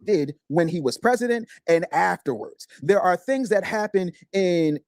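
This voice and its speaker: A man's voice: high-pitched, expressive, normal speed, a little mellow, dry recording, studio quality. A man on a discussion panel, making a firm argumentative case. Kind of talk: debate discussion.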